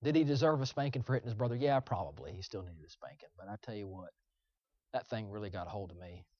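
A young man preaching, telling a personal story in an earnest, confessional way that swings from loud to hushed. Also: on the low side, fast talker, dry recording, muffled recording. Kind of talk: sermon illustration.

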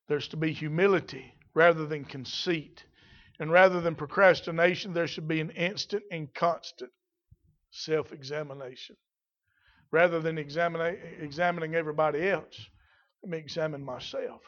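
A male preacher delivering a sermon, moving from quiet explanation to loud, drawn-out exclamations. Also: fairly high pitch, fairly even intonation, lo-fi sound. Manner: swings from quiet teaching to shouted, drawn-out exclamations.

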